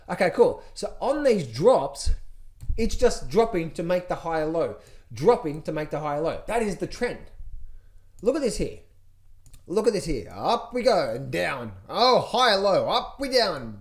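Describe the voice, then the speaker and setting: Man, high voice, energetic trading coach, repetitive, chart walkthrough. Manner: energetic, repeats himself, mimics panicked traders in a high voice. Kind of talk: chart walkthrough, direct to viewers.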